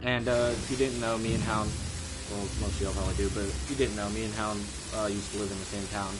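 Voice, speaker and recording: A man from Georgia, telling an animated, swearing story on a game stream. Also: on the low side, fast, very noisy. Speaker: stream guest.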